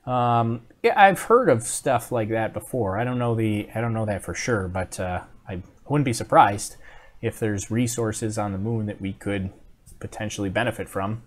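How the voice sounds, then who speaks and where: A man's voice: on the low side, normal speed. A man hosting a live stream, chatting casually and reading viewer comments, rambling with many fillers and restarts.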